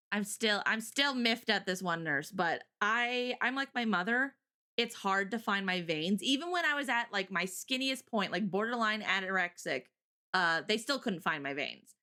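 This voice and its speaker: Woman streamer, bright voice, chatty storyteller who laughs a lot; casual live chat. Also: mid-range voice. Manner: chatty storyteller, giggles often. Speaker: co-host of a morning stream.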